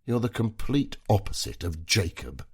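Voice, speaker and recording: A man voicing a tipsy, sharp-tongued corporate wife who mocks and taunts her husband in a slurred voice. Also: fairly low pitch, big pitch swings, normal speed, slightly rough, pitched above the performer's own voice, exaggerated voice. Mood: taunting.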